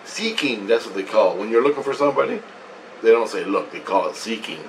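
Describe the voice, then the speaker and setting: A man's voice: lowish voice, animated, fast talker, distant mic, a little hiss or hum, rough recording. A man telling a long dream story in a meandering, profane way, repeating himself as he goes. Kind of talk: rambling first-person dream account.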